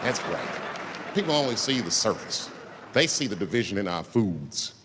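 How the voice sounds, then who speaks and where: A man doing stand-up comedy on stage, an animated, profane storyteller whose pitch jumps up for emphasis. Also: normal speed. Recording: live show, loud crowd and noise.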